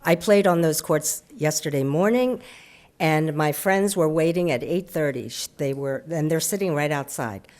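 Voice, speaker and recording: Insistent woman speaking at public comment. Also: deep voice. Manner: insistent, with halting restarts. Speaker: public commenter at a city council meeting.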